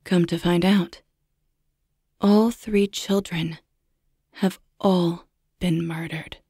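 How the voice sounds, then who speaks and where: A woman narrating a horror story, slow and suspenseful with a hush in her voice. Her pitch sits a little low, and the recording is dry with no room sound. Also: steady tone, husky, dry recording. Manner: measured, hushed, suspenseful.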